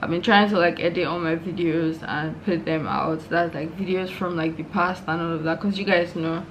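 A woman's voice: on the low side, fairly even intonation, moderate pace, slight background noise, poor audio. A young Nigerian woman in her twenties chatting casually to her viewers in a home vlog, frank and laughing often. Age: 20s. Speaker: vlogger. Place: her room at home, indoors.

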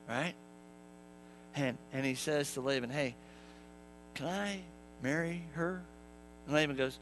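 A man's voice: on the high side, slow, long pauses, a bit bright, slight background noise, poor audio. A young adult man preaching a humorous sermon in a church, acting out the characters and asking the congregation questions. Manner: jokey storyteller, acts out characters, asks the congregation. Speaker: pastor. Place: church sanctuary.

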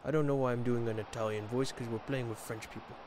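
A man riffs through a football video game, talking straight to his viewers and heckling the players on screen. His voice sits at an everyday middle pitch, recorded on a desk mic at home. A faint hiss runs underneath. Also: fairly even intonation, fast. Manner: chatty, joking, talks to viewers and the players on screen. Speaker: gaming video creator. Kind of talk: casual gameplay commentary.

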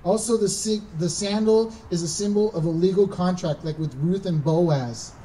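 A male pastor preaches in a relaxed, chatty way, with a warm, mellow voice. He sounds set back from the mic, and a faint noise sits under his words. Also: high-pitched, moderate pace, distant mic, rough recording. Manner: conversational, acts out the Bible characters' lines. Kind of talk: sermon. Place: church.

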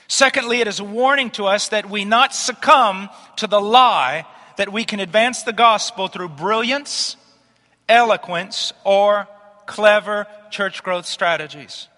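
A man's voice: sits high, unhurried, sharp tone. A man preaching a sermon, emphatic and declarative. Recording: long hall reverb.

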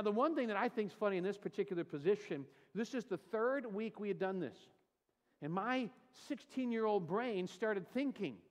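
A man's voice: high-pitched, big-room sound. A man preaching a sermon as pastor, telling a humorous story and acting out the voices in it, then turning to scripture. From California. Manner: animated storyteller, acts out quotes, self-deprecating humor. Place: church sanctuary.

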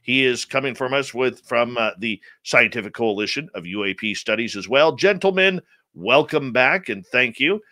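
Bright, energetic male radio host. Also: moderate pace, no room sound. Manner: energetic, jokey announcer delivery with big pitch jumps. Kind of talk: radio talk show hosting.

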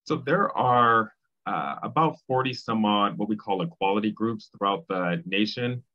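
A man with a lowish voice is a guest in a casual interview; he works as a civil rights state director. He speaks thoughtfully, pausing often with ums and restarts, and the sound is slightly dull and lo-fi.

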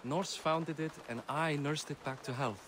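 A man's voice: fairly high pitch, normal speed, noisy background, natural voice. An actor playing a proud, commanding Viking king who rebuilt his city. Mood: stern. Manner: commanding, stern.

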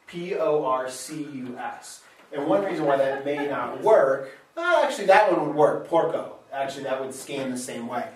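A man's voice: medium pitch, lively intonation, normal speed. A man teaching Latin in a classroom lecture, thinking aloud and correcting himself as he goes. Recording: very echoey room, mic far off.

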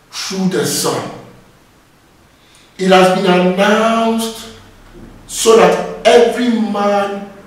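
A man's voice: sits high, very echoey, far from the mic, poor audio. A man preaching a sermon, exhorting his listeners and often breaking in with praise. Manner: exhorting, repeats phrases with "Praise God".

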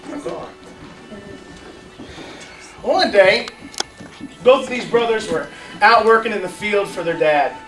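A man teaching a children's church lesson, telling a story in a lively, playful way and joking with young volunteers. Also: sits high, takes it slowly, long pauses, music in the background. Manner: lively, playful, chatty, asks the audience questions. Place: large room with kids, music playing. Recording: echoey room, voice from far off.

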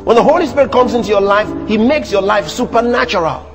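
A man preaching a sermon to a church congregation, animated, teasing the audience with rhetorical questions and mimicry. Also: high-pitched, quick pace, big-room sound, over music. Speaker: pastor.

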